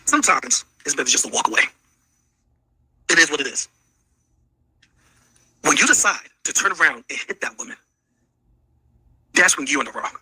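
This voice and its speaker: A man's voice: a little high, animated, normal speed, pauses often, sharp tone, breathy edge, no room sound, rough recording. A sick man ranting heatedly, lecturing with profanity and a lot of repetition. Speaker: streamer being reacted to. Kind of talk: heated rant.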